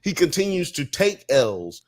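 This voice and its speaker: A man co-hosting a casual live podcast, talking in animated, slangy style and firing off rhetorical questions. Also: a little high, measured pace, no room sound. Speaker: podcast co-host. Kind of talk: casual chat on a live stream.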